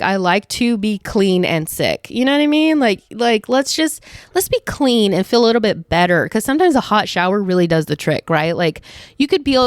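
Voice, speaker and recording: Young woman vlogger, casual rambling storyteller, smooth low-ish voice, dry close recording. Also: no echo. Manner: chatty storytelling with many fillers. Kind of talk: casual chat to camera.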